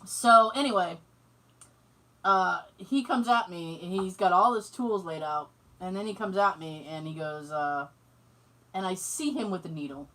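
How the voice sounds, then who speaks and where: A woman co-hosting a podcast, telling a story in casual chat, animated and swearing freely. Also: on the low side, unhurried, far from the mic, rough recording. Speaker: podcast co-host.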